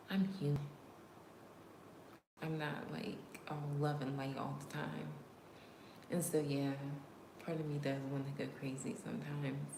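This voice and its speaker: A woman with a low voice hosts a casual livestream chat, speaking directly to her viewers. She slips into whispers now and then and laughs often. Her voice rings in a roomy space with faint background ambience. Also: flat delivery, measured pace, long pauses, noisy background. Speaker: livestream host. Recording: roomy room echo.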